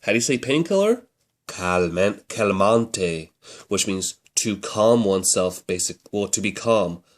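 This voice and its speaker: A man's voice: on the low side, expressive, normal speed. A man casually reviewing a language book, chatty and rambling, often correcting himself mid-sentence.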